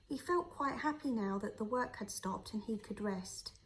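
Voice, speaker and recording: A teacher reads a children's novel aloud in a steady, clear storytelling voice. Her voice sits a little high for a woman. She keeps an even, unhurried pace through the story. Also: poor audio. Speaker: teacher reading to a class.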